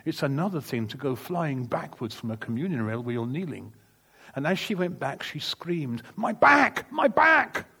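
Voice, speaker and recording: A man's voice: mid-range voice, animated, normal speed, slightly rough. Earnest man preaching a sermon. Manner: earnest, emphatic testimony with vivid retold dialogue. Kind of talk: sermon storytelling.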